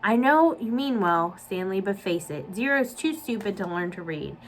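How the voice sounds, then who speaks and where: A woman's voice: medium pitch, expressive, normal speed, a little hiss or hum, close to an everyday voice. A woman reading aloud voices a grown male camp counselor who mocks the boys. His tone is sarcastic and scornful. It is a storybook reading. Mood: mocking. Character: sneering, mocking adult male camp counselor.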